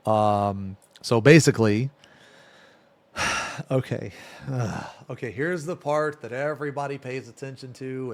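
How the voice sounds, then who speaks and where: A man's voice: medium pitch, clear, resonant tone, dry recording. Profane rambling male streamer, dry sound. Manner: rambling, profane, filler-heavy. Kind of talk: casual storytelling on stream.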